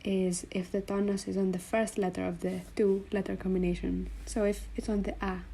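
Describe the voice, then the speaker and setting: Woman, language teacher, slow and patient, mellow tone, faint room noise behind. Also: medium pitch, little pitch movement, creaky. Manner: slow, patient, spells out sounds and repeats them. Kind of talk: explaining letters on a board.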